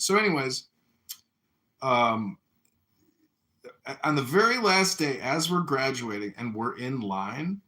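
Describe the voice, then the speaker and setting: An American man telling a story in a casual chat, animated, acting out shouted voices. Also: mid-range voice, slow, pauses often. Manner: animated, acts out yelling voices in stories. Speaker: podcast host.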